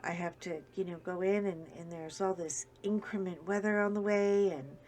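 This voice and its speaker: A woman's voice: lowish voice, fairly even intonation, moderate pace, darkish tone, a little hiss or hum. A woman vlogger chatting casually to viewers while she works on a craft project, rambling along with self-deprecating humor.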